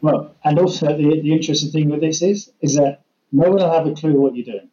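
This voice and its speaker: A man's voice: a little high, steady tone, a little fast, dark tone, dull audio. A man, a communication trainer explaining listening techniques in a practical way with worked examples. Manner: practical, illustrates with acted-out examples. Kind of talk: explaining in a podcast conversation.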